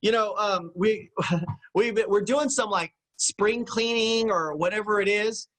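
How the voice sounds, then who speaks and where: A man's voice: sits high, a little slow, fairly bright tone, poor audio. A middle-aged man giving a motivational business teaching talk, emphatic and repetitive, often checking in with his listeners. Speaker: business coach.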